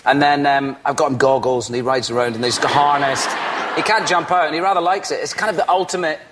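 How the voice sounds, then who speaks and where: A man's voice: on the high side, fairly even intonation, a little fast, noisy background. A Scottish man in his forties, chatting casually as a talk show guest, often restarting and trailing off. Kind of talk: casual chat.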